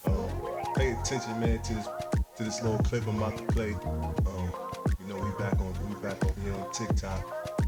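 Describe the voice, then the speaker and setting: A man's voice: fairly low pitch, flat delivery, normal speed. A man hosting and introducing a reaction clip in a loose, casual way. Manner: laid-back, loose, with fillers. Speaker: host. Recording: loud hip hop music behind.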